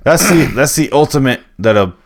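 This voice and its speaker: A man's voice: mid-range voice, expressive, a little fast. A man co-hosting a casual late-night podcast chat, ranting with lots of swearing and acted-out quotes. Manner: profane, ranting, acts out quotes. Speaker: podcast co-host.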